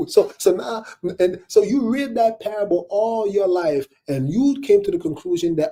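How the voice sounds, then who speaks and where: A man talks straight to his viewers in a loose, preachy monologue, with a very dark, mellow tone and a husky edge. His delivery is animated and slightly higher-pitched than most men's, and he often breaks into laughs while calling out to "y'all.". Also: unhurried. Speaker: online commentator.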